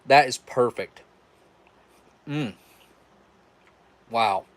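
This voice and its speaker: This West Virginia livestream host has a mid-range voice and draws out his words in a local accent. He rambles casually on the stream, often starting over mid-thought.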